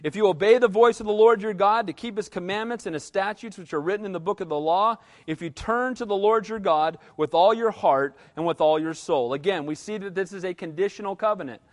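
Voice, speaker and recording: A man with a notably high voice preaches to his congregation. He is a middle-aged pastor who talks conversationally, tells stories and keeps asking the room to agree with him. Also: brisk, few pauses. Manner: conversational preaching with asides and audience prompts. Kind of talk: sermon.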